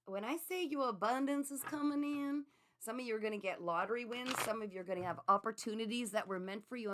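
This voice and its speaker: A middle-aged woman hosting a live-streamed card reading, chatting with viewers in an animated way and laughing often. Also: mid-range voice. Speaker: psychic reader.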